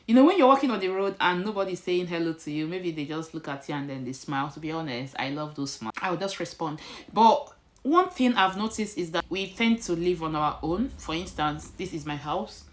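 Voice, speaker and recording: Nigerian lady vlogging from home, lowish voice, chatty, drops pidgin words here and there. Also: expressive, a little fast. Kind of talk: casual to-camera chat. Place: indoors at home.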